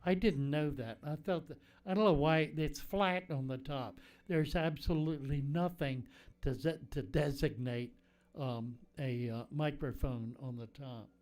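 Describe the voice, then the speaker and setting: A man's voice: on the high side, a little slow, darkish tone. A man hosting a casual fishkeeping livestream from his home, answering viewer questions and thinking aloud while he fiddles with his microphone. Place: home room with fish tanks. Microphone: desk microphone.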